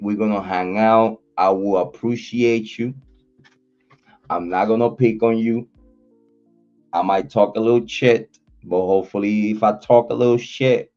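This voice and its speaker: A man hosting a livestream, chatting loosely with his viewers in a slangy, repetitive style and giving shout-outs. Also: fairly low pitch. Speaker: livestream host. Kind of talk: casual livestream chat. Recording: dull lo-fi audio, faint music.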